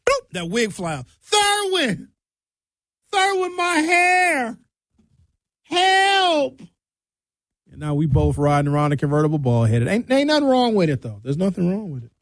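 Middle-aged male radio host, comic storyteller, slightly high voice, dry studio sound. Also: sing-song, fast, a little mellow, no echo. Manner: loose, bawdy, storytelling with acted-out voices. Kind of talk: comedic monologue.

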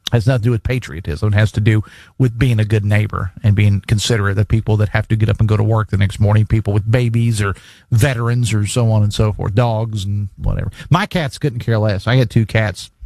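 A man's voice: fairly low pitch, gravelly, a little mellow, no echo. Man, talk radio host, conversational, dry close studio mic. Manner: chatty, conversational, laughs easily. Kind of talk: casual talk radio, reading listener texts. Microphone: studio microphone.

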